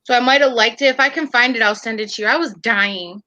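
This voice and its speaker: A lively woman chatting on a casual podcast, her voice fairly high and very bright. She tells stories with energy, swears freely and acts out the people she talks about. The sound is close and dry. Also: quick pace, no room sound, poor audio. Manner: animated storyteller, swears, acts out quotes loudly. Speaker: podcast co-host. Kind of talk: casual chat.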